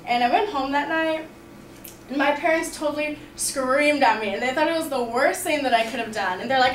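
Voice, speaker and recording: A young woman tells a personal story to a class in a bright, chatty manner, scattering "like" and "you know" through her sentences. Her voice sits a little high. The recording is echoey and picked up from across the room, with faint background noise. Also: brisk, far from the mic. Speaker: student storyteller.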